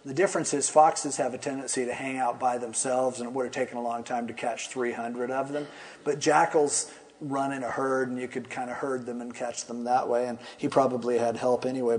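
A pastor teaching a Bible passage in an easygoing, conversational way, retelling the story with humorous asides. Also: male voice, mid-range voice, darkish tone.

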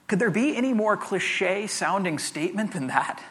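Guy pastor giving a chill sermon, highish voice, trips over words, cracks little jokes. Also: lively intonation, normal speed, few pauses, fairly bright tone. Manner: chatty, repeats words, jokey asides. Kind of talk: conversational sermon.

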